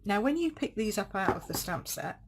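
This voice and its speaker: A woman's voice: mid-range voice, very animated, a little fast, background noise. A woman leading a live card-making demonstration, chatting, thinking aloud and correcting herself as she works. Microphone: desk setup streaming live.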